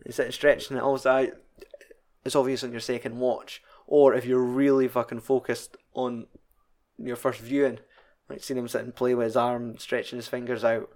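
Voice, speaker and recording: A man's voice: medium pitch, flat delivery, normal speed, darkish tone. A young man with a Scottish accent chatting casually about a film, swearing freely and laughing often. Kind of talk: casual chat.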